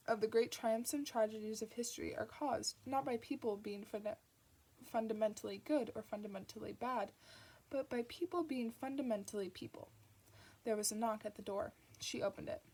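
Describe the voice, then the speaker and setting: A woman reading a novel aloud, with steady narration and small restarts. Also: fairly high pitch, husky. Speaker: audiobook reader.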